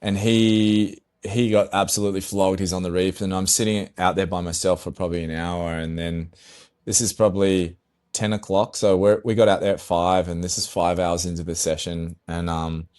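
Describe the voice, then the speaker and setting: A middle-aged man, a pro surfer guest on a podcast, telling a story in a casual, animated way, swearing and acting out his own dialogue. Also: sits low, moderate pace, smooth.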